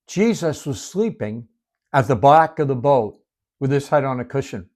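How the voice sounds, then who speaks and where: A male preacher tells Bible stories with great drama. His pitch moves widely and his voice sits at an average height. He drops to near-whispers to drive a point home. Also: lively intonation, moderate pace. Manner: dramatic storytelling, dropping to hushed whispers for emphasis. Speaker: Bible teacher. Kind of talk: expressive Bible-study sermon.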